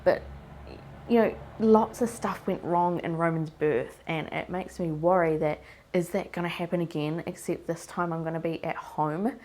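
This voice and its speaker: A young woman speaks to her camera in a loose, rambling diary style, her voice stuffy and blocked from a cold. She talks in a fairly low register for a woman, circling through worried questions and restarting her sentences as her nerves show. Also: normal speed, a little mellow. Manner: anxious, rambling, self-questioning. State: congested from a cold. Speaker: vlogger. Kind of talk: casual diary vlog.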